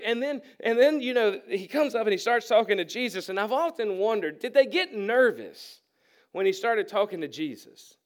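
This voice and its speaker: His voice is high, animated, and fairly quick as he preaches to the congregation from the church sanctuary. The pastor keeps his sermon conversational, acting out the people in the story with plenty of humor.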